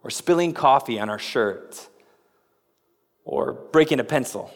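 A man preaching a sermon as pastor, with dramatic delivery that rises to emphatic peaks and drops low. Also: lively intonation, unhurried, long reverb tail.

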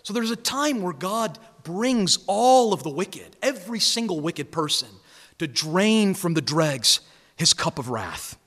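A man's voice: high-pitched, very animated, measured pace, fairly bright tone, long reverb tail. A man preaching a sermon as a guest preacher, emphatic and earnest.

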